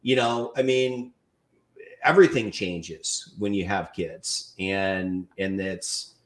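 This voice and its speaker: A man hosting a podcast interview, rambling with many fillers and swinging between loud and soft. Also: low-pitched, takes it slowly, a little hiss or hum. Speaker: podcast host. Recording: echoey room.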